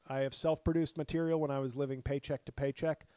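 Hoarse middle-aged comic, solo podcast rant, profane and fired up, dry close sound. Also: male voice, medium pitch, level tone, fast, mellow, no echo. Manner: profane, passionate ranting with frequent restarts. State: hoarse, voice worn from talking. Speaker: stand-up comedian and podcast host. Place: apartment.

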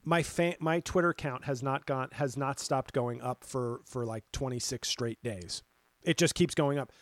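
A man's voice: mid-range voice, measured pace, no echo. A man, a comedian hosting his own podcast, ranting in a casual monologue with sarcasm and plenty of swearing. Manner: animated, ranting, swears freely; sarcastic, talks back to critics.

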